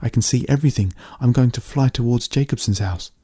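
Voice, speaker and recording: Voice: mid-range voice, a little fast, breathy edge, no echo, studio quality, pitched above the performer's own voice, close to an everyday voice. A man reading a storybook, voicing an eager young boy who reports what he sees. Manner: excited, reporting step by step.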